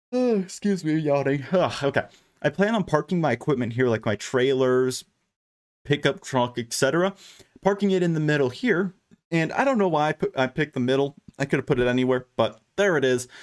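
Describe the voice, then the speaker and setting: A man hosting a gaming channel, giving casual gameplay commentary as he plays, chatty and thinking aloud with many fillers and restarts. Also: mid-range voice.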